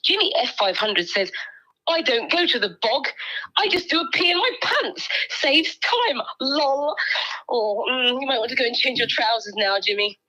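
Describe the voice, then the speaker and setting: A woman's voice: high-pitched, expressive, moderate pace, bright, forceful tone, low-quality recording. A woman co-hosting a casual livestream, reading out viewer comments in a playful, giggly way with lots of ums.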